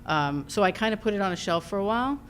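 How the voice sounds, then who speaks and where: A woman with a Long Island accent, a filmmaker talking through her work in a casual interview, thoughtful and halting with many ums and restarts. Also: mid-range voice, animated, fairly bright tone, slight background noise. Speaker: filmmaker guest.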